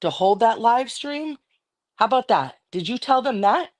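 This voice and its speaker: A middle-aged woman with a slightly high, animated voice speaks at normal speed during a heated livestream rant. She's angry and defiant, swearing constantly throughout.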